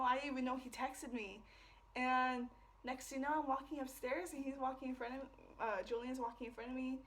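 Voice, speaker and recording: A woman's voice: on the high side, gravelly, a bit bright. Profane, rambling young woman vlogger. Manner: rambling, profane, lots of fillers. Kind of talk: casual storytime monologue. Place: away from home.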